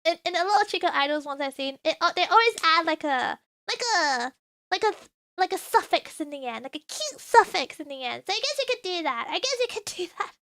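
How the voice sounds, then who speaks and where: Young woman streamer: piercingly bright, very high voice, bubbly, apologetic, stumbling over her words. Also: expressive, fairly quick. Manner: bubbly, apologetic, stammering restarts. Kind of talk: livestream teaching idol fan chants.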